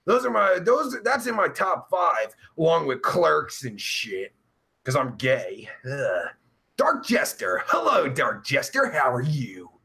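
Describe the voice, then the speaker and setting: A young man hosting a live stream reads chat aloud and riffs in a rambling, sarcastic, profane manner. His voice is high for a man, gravelly and sharp, swooping widely in a slow sing-song broken by groans and long sighs.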